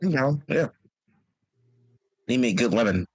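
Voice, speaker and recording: A man speaking in character in a tabletop game, loud and blunt. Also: medium pitch, lively intonation, measured pace, dry recording. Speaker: player.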